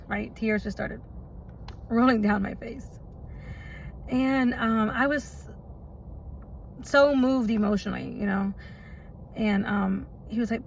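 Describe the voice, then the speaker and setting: High-voiced woman telling a rambling story. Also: pushed and bright, slight background noise, rough recording. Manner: chatty and rambling, with frequent laughs and "right?" asides. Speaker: mother telling her story. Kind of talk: casual storytime vlog.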